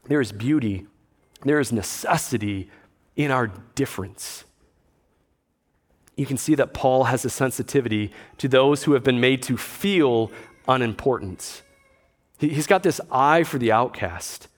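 A man's voice: medium pitch, measured pace. A man pastor preaching a conversational sermon, with dry asides and quotes he acts out.

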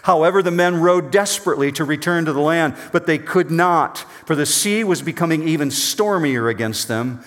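A man preaching a sermon, reading scripture aloud with dramatic swings between loud urgent passages and quiet low asides. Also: normal speed, hardly any pauses. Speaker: pastor. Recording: long hall reverb.

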